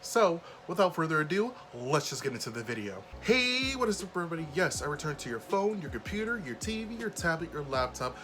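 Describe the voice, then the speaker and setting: A man's voice: fairly high pitch, sing-song, fast talker, hardly any pauses, a bit bright, soft background music. A man hosting a casual commentary vlog, talking bluntly and openly indignant. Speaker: commentary YouTuber, host.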